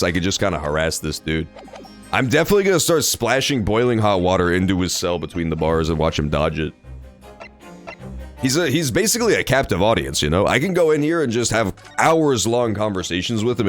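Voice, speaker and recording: Male streamer, joking and profane, low voice with a lively, swinging delivery. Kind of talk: casual gameplay commentary.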